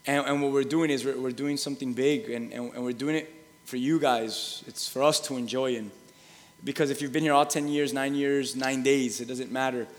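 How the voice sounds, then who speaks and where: Speaking at a moderate pace in a mid-range voice, the pastor trips over himself with repetitive restarts while making announcements. Long reverb from the large church hall carries his voice as it swells into shouted, laughing, sermon-style calls to the congregation.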